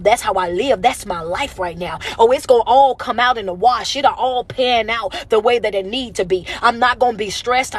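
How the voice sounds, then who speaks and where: A woman giving a motivational talk on a phone livestream, as a life coach, with an emphatic, repetitive, preacher-like cadence. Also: fairly high pitch. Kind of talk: motivational live stream talk.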